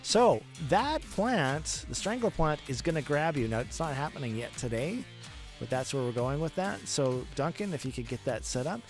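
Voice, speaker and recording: A man's voice: a little high, sing-song, moderate pace. A man who develops games, casually talking through a test play of his own game and thinking aloud as he goes. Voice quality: chatty, thinking aloud with restarts. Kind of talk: casual gameplay commentary. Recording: music playing behind.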